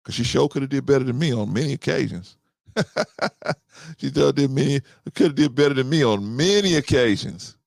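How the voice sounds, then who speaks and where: A gravelly man of about fifty chats loosely with his listeners, and his pitch rises and falls a lot. He often circles back with "right?" and repeats his points. The sound is dry and close, with no room echo. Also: lively intonation, brisk, a little mellow. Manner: conversational, repeats himself, often asks "right?". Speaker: podcast host. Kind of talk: casual talk to listeners.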